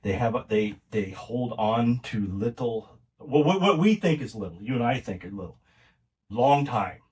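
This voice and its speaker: A man's voice: medium pitch, animated, normal speed, a little mellow, recorded from a distance. A middle-aged man, a podcast guest, telling family stories in a casual, rambling way with many restarts. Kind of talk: casual conversational storytelling.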